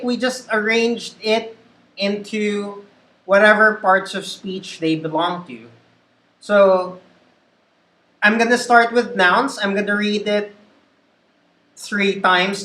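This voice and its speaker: Slow, bright-voiced woman trainer. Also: medium pitch. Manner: slow, deliberate word-by-word reading. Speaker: call center trainer. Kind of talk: pronunciation drill. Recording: echoey room.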